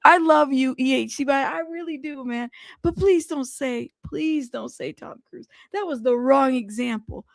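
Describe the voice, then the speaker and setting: A host of a live news show, reacting animatedly and pleading between bursts of laughter. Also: female voice, high voice, moderate pace, gravelly, no echo, clean studio sound. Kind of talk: casual commentary.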